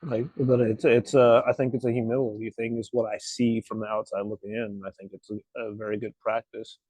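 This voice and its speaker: A man's voice: on the low side, darkish tone, no room sound, poor audio. A man co-hosting a podcast, speaking in a reflective, hesitant way and searching for his words. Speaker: podcast co-host. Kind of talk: casual chat.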